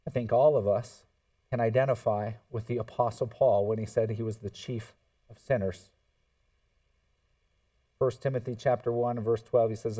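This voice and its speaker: A man's voice: medium pitch, moderate pace, recorded from a distance. Preaching man, heard from off the mic. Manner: expressive preaching, swings from hushed to emphatic, acts out quotes. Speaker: pastor. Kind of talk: sermon.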